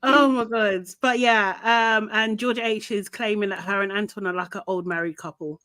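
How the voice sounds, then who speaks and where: A woman's voice: mid-range voice, fairly even intonation, moderate pace, sharp tone, no echo. A young adult woman co-hosting a podcast, chatting casually and recapping scenes with frequent laughs. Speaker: podcast co-host. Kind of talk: casual reality-TV recap chat.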